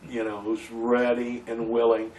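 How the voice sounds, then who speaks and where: A male community theater actor being interviewed, telling stories in a lively way with many restarts. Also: medium pitch, measured pace, far from the mic, dull audio. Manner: animated storytelling, many restarts. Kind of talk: casual interview.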